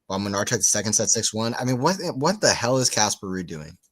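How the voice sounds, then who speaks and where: A man's voice: fairly low pitch, animated, quick pace, a bit bright. A man giving casual live tennis commentary for a watchalong stream, just woken up, rambling into chatty asides between calls of the points. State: just woke up.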